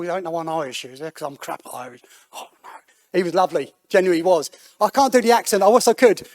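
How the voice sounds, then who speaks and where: A man giving a personal testimony at a church, talking conversationally with halting restarts and acting out the voices of the people he quotes. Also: sits high. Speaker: guest speaker telling his life story. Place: church hall.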